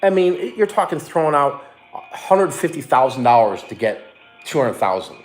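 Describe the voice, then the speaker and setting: A middle-aged man telling a story with a voice that leaps up and down in pitch. He swears freely and acts out what people said in quick bursts. Faint music sits under the talk. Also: sing-song. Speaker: online reseller and co-host. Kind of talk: casual storytelling chat.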